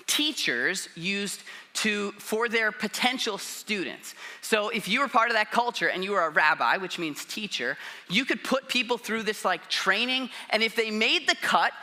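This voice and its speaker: A man's voice: sits high, bright, forceful tone. A man preaching a sermon in a casual, conversational way, often acting out quotes. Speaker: pastor.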